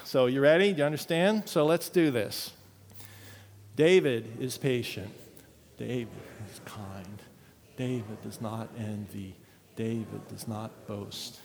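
A man's voice: a little high, long reverb tail. A man preaching as a pastor, earnestly leading his congregation through a unison reading. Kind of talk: sermon.

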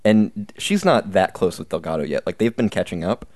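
Low-voiced man plotting calmly. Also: moderate pace, dry recording, clean studio sound. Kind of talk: comedic brainstorming banter.

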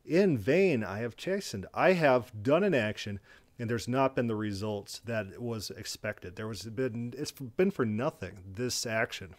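A man giving reaction commentary in an indignant, emphatic way. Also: mid-range voice. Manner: indignant and emphatic, quick bursts.

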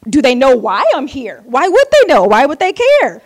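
A woman from Oakland tells a personal story to an audience, candid and wry. She pokes fun at herself with quick asides and laughs through her words. Her voice sits slightly higher than most women's. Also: huge pitch swings. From Oakland, United States.

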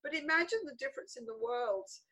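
Older Englishwoman, interview guest, slightly high voice, emphatic and repetitive for effect. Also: brisk, poor audio. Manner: animated, emphatic, repeats words for stress. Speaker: guest author. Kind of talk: conversational interview storytelling.

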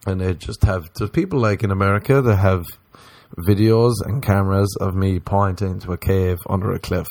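Low-voiced Irish man with a Cork accent, rambling. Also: normal speed, no echo. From Ireland. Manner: rambling, animated, crude humor, tangents. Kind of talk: comic storytelling chat.

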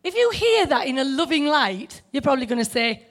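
A woman's voice: high voice, big pitch swings, fairly quick. A middle-aged woman preaching a sermon in a conversational way, asking the listeners questions.

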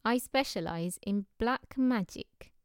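A woman reading the lines of a mysterious foreign male professor, grave and courteous in an unhurried way. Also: fairly high pitch, smooth, no room sound, clean studio sound. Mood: composed.

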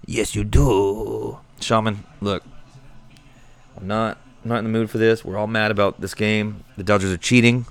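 A man's voice: fairly low pitch, flat delivery, normal speed, fairly bright tone, smooth. A man hosting an improvised comedy rant, talking in an exasperated, profane and irritable way.

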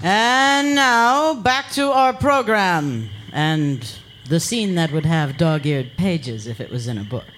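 A man's voice: a little high, animated, takes it slowly, over music. A man announcing a radio comedy show, wry and talking straight to listeners. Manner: wry, addresses listeners directly. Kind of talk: comic announcing.

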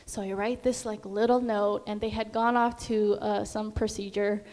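A woman's voice: medium pitch, level tone, normal speed, darkish tone. A young woman sharing a personal faith testimony in a chatty way, full of fillers and acted-out quotes. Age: young adult. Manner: chatty, many fillers, sings and acts out quotes. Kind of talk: casual testimony talk. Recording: long hall reverb.

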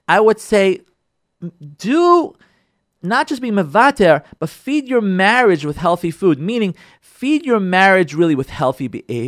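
A man's voice: fairly high pitch, dry recording. A man, a rabbi, giving a recorded class on marriage, speaking into a studio microphone and acting out what spouses say to each other. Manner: animated, acts out spouses' lines.

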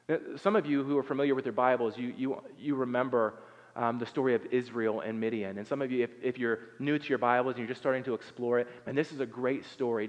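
A man preaching a sermon in a relaxed, conversational way, with many fillers and restarts. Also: medium pitch. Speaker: pastor. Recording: dull sound with long hall reverb.

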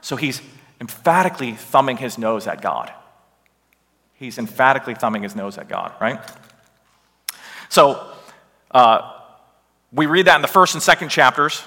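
Emphatic male Bible teacher, bright voice. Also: mid-range voice, normal speed, long pauses, in a large hall. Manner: animated, emphatic, asks rhetorical "right?". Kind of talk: lecture with slides.

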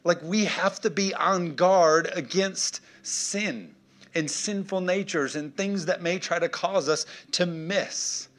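A man's voice: sits high, slow pace, a bit bright. A man preaching a sermon, emphatic and punchy, checking in with his congregation. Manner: emphatic, punchy, call-and-response. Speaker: pastor.

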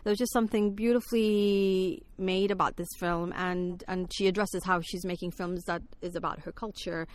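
A woman's voice: on the low side, fairly even intonation, normal speed, hardly any pauses. Enthusiastic woman discussing films. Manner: enthusiastic, says "like" often. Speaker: film podcast guest. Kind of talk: casual film discussion.

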